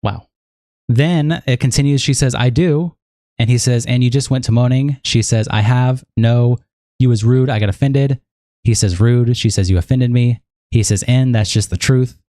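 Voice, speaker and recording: A young man on a livestream, reading messages aloud in a casual, halting way and stopping to react. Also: medium pitch, dry recording, studio quality. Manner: casual, halting, reads flatly and breaks off to react. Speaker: streamer.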